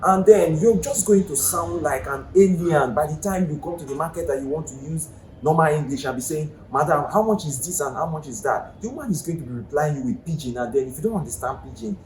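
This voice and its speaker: A man with a Nigerian accent gives a casual video lesson and often asks the viewer questions. His voice sits a little high for a man. The room is echoey, with a faint hum of ambient noise behind him. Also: fast talker, darkish tone. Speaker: language teacher.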